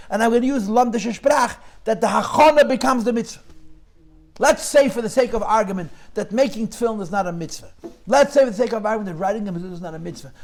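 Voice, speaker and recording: Man, Torah class lecture, high voice, questioning. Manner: mixes English with Yiddish and Hebrew terms, questioning. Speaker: Talmud class teacher.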